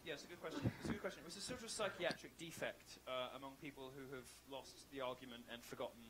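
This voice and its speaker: A man's voice: medium pitch, fast talker, heavy background noise. A man giving a campus talk and taking audience questions, provocative, sardonic and joking. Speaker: guest speaker.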